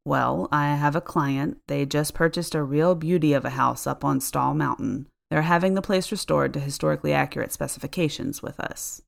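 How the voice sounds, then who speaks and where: A friendly male construction worker with a relaxed, rambling way of talking and an easy laugh, as a woman narrator puts him on. His voice sits low and unhurried in a spoken horror story. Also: gravelly.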